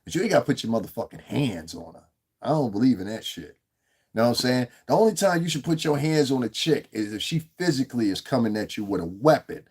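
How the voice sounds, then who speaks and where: A man's voice: medium pitch, fast talker, breathy edge. Cursing, rambling New man. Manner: profane, rambling, animated. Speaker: livestream host. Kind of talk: livestream commentary.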